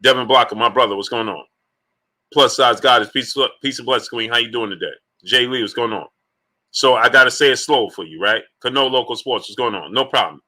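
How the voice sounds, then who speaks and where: Animated man hosting a sports stream. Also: mid-range voice, fairly quick. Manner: animated, rhetorical, repeats points emphatically; shouts out chat viewers between points. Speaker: host of a live-streamed sports talk show. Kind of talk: live-stream commentary greeting chat.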